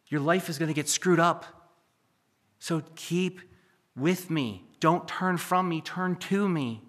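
A male pastor preaching a sermon, building to emphatic peaks and then dropping to quiet, confiding asides. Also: on the high side, takes it slowly. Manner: preachy, rises to near-shouting then drops to a hush.

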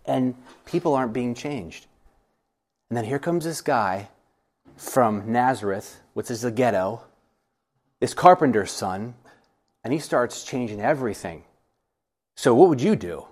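Animated man teaching a Bible study. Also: mid-range voice, unhurried, pauses often. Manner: animated, acts out voices, laughs often.

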